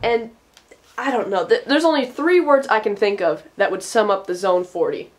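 A woman's voice: medium pitch, moderate pace. A woman reviewing video games in casual commentary, exasperated and sarcastic, laughing in disbelief at what she plays. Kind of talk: casual commentary over gameplay. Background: game music.

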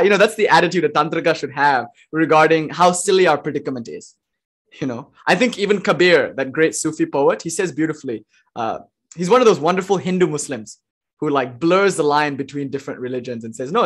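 A man's voice: a little high, expressive, a little fast, a bit bright. A man lecturing on philosophy in a passionate, conversational way, full of rhetorical questions. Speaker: lecturer on non-dual philosophy.

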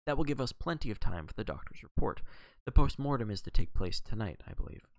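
A man voicing a soothing, careful middle-aged lawyer in an audiobook reading, speaking in measured tones. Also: medium pitch, animated, no echo, natural voice.

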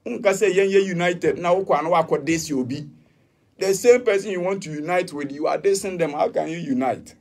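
A man's voice: sits high, moderate pace, a little mellow. A Ghanaian man answering interview questions, defiant and emphatic, switching between English and Twi. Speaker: musician interviewee.

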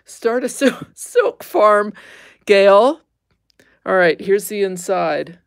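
Slow, gravelly-voiced woman livestreaming. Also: medium pitch, lively intonation, dry recording, clean studio sound. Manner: chatty, easily amused, squeamish exclamations. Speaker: livestream host. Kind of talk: casual livestream chat.

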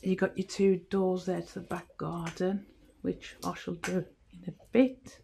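A woman's voice: lowish voice, level tone, gravelly, mellow, slight background noise. A woman giving a chatty house tour on her phone, admiring each room, often out of breath. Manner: chatty, admiring, slow, pausing with ums. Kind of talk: casual house tour narration.

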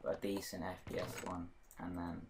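A man's voice: low voice, little pitch movement, normal speed, noisy background. A man chatting casually while playing a game, easily startled and shrieking at monsters. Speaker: gamer co-host. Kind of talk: casual let's-play chat.

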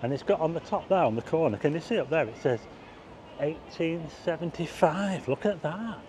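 With lively intonation and a fairly high, slightly mellow voice, this man speaks at a moderate pace over a little hiss or hum. As a vlogger, he rambles chattily through a nighttime outdoor walking tour on a car park roof and town streets, pointing things out to viewers.

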